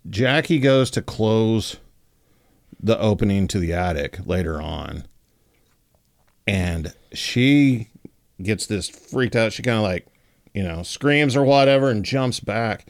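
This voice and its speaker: Low-voiced guy telling a story casual-like, lots of likes and you knows, dry close sound. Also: slow, no echo. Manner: relaxed, many fillers like 'like' and 'you know'. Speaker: podcast host.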